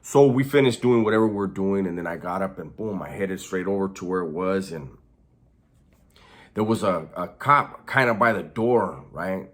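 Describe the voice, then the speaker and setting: A man's voice: low voice, normal speed, fairly bright tone. A man from California, a former inmate, telling his story in casual street slang, with loose fillers as he talks.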